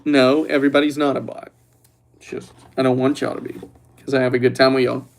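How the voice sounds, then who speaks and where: A young man hosting a casual livestream, talking to his chat in a loose, joking voice that sits at an ordinary middle pitch. He teases the viewers as he reads their comments and sounds relaxed and a little tipsy from red wine. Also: a little fast, creaky. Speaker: livestream host.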